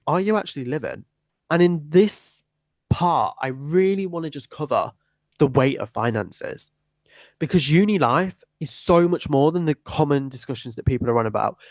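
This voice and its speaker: A man's voice: medium pitch, no echo. An eighteen-year-old man, hosting a personal podcast in an earnest, emphatic, repetitive way. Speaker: podcast host.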